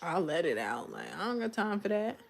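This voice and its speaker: A woman's voice: medium pitch, very animated, fairly quick. Candid young woman venting on a livestream. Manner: candid, venting, loose and conversational. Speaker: livestream host. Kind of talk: casual live-stream chat.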